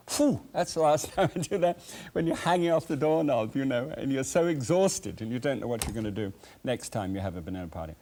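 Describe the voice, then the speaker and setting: A man's voice: medium pitch, a little mellow. A man hosting a cooking show, chatting straight to the viewer with playful, folksy asides.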